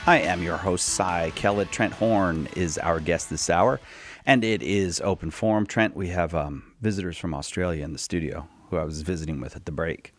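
A male radio call-in host chatting casually and teasing his guest, quick to laugh. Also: low voice.

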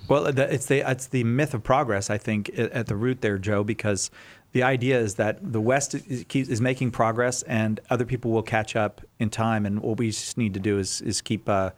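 A man hosting a talk show, conversational and halting, joking now and then. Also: on the low side, steady tone.

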